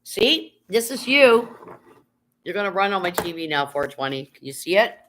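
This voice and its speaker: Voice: medium pitch, sing-song, moderate pace, a bit bright, a little hiss or hum. A live streamer in casual chat, rambling and reading viewer comments aloud, talking from bed into a phone held in hand. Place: at home, lying in bed.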